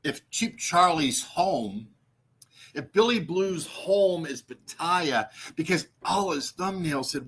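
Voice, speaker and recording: A man's voice: high-pitched, animated, slow, fairly bright tone, husky. A man doing ranting livestream commentary, mocking and profane, repeating himself and swearing freely. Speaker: streamer.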